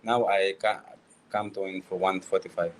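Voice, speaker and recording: Man answering in halting non-native English. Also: low voice, steady tone. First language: not English. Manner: halting non-native English, short broken phrases, many "you know"s. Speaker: guest fighter. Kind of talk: casual interview answers.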